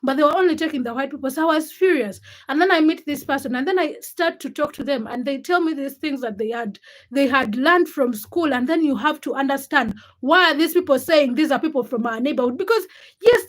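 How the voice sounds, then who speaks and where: This is a young woman in her twenties running a casual livestream and chatting with viewers. Her voice sits high, and she talks in an outspoken, animated way. She often restarts her sentences as she thinks aloud. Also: fairly quick. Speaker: livestream host. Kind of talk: casual livestream chat, reading viewer comments.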